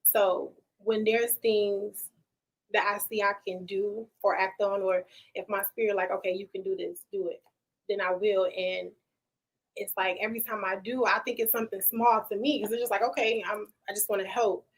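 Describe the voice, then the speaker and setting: A woman guest in a casual podcast chat, telling stories in an animated, heartfelt way with casual slang. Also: mid-range voice, normal speed, rough recording. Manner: animated storytelling with laughs; emotional, heartfelt.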